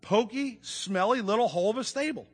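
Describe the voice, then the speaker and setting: A man voicing a surly, hostile male dwarf in a storybook reading during a sermon, his voice pitched up and gruff. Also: fairly quick. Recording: long hall reverb.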